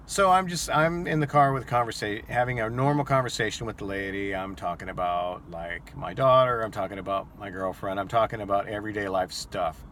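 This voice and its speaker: A man's voice: fairly low pitch, fairly bright tone, a little hiss or hum. A man who drives rideshare, telling a story casually to camera and acting out his own shocked reactions.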